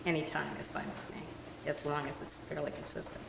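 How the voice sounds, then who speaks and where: Low, gravelly woman in an echoey hall. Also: little pitch movement, slight background noise. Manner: halting, repeating herself. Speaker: school board member. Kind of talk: public meeting discussion. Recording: echoey hall with long reverb.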